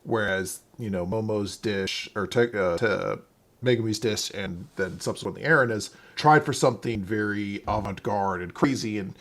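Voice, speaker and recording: A man with a fairly low voice chatting casually as a podcast co-host. He thinks out loud and circles back on his words, often repeating a word before he finishes a thought. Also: moderate pace. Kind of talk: casual chat.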